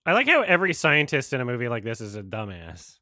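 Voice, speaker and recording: A man's voice: mid-range voice, huge pitch swings, fast talker, bright, forceful tone, no echo, studio quality. A man hosting a movie watch-along, rambling in loose casual commentary, often restarting and laughing.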